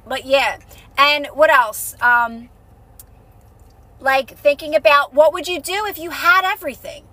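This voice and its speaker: Young woman streamer, bright and lively tone, casual and encouraging, lots of fillers. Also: high voice, unhurried, no echo. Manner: chatty, reassuring, many fillers and repeats. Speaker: livestream host, manifestation coach. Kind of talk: casual livestream chat to viewers.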